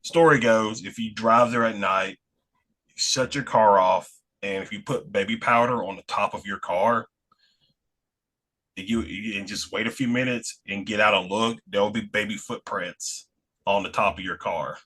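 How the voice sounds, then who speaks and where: A Southern-accented man from Alabama, appearing as a podcast guest, chats casually in a bright, forward voice that sits fairly low and moves at an unhurried pace. He rambles, restarts sentences, and laughs between thoughts.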